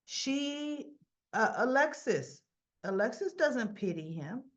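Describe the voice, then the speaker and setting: A woman recapping a soap opera in a casual, chatty way, acting out the characters' lines and laughing often. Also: a little high. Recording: dull lo-fi sound.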